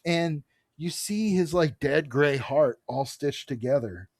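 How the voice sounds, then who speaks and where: A man co-hosting a podcast, recapping a comic book in a casual, animated way, reading characters' lines aloud and swearing freely. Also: on the high side, takes it slowly, no room sound. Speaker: podcast co-host.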